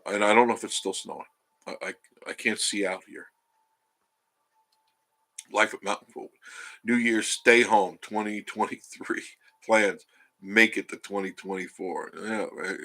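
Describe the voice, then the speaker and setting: A man's voice: deep voice, vocal fry, sharp tone. A man hosting a live stream from home, rambling through a story and reading out chat comments. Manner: rambling, chatty, self-interrupting.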